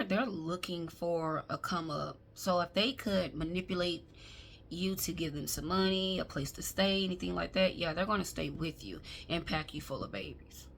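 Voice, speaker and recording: Gravelly-voiced woman doing a casual tarot reading. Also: fairly low pitch, fairly bright tone. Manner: chatty, emphatic, talks to viewers as y'all. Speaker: tarot reader. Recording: faint background noise.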